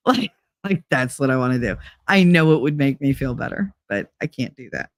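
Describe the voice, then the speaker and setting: A woman's voice: extremely low pitch, big pitch swings, moderate pace, dry recording. Middle-aged woman rambling on her stream, swears a lot, keeps laughing, does little voices for people, dry close sound. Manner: candid and profane, laughs often; acts out quoted voices. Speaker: livestream host. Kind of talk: casual live-stream chat.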